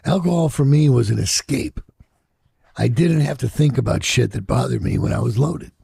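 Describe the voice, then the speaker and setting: Gravelly, husky older man telling stories. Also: mid-range voice, normal speed, mellow. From Chicago. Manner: profane, reflective, acts out quoted voices. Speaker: interviewee. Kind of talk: candid storytelling in an interview.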